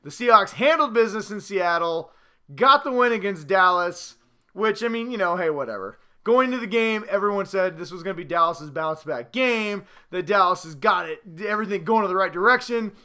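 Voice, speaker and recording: A man hosting a casual sports vlog at home, boastful, excitable and rambling as he talks to the camera. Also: high voice, brisk, clean tone. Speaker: host.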